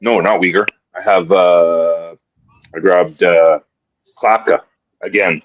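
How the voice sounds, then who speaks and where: A man on a live hockey betting show, chatting casually and excitably, often repeating his words as he starts a thought. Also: low-pitched, slow pace, dull audio, a little hiss or hum. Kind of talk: casual live-stream chat.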